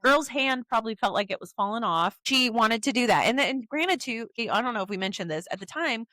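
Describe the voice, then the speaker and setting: Animated young woman telling stories. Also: a little high, a little fast, no room sound. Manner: animated storyteller, acts out quotes in changed voices. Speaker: podcast co-host. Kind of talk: casual chat.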